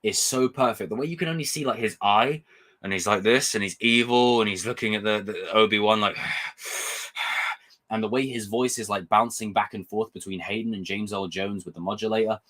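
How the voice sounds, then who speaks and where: A young man hosting a casual livestream review, talking in an excitable, rambling way and swearing freely. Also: lowish voice, a little fast. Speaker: host.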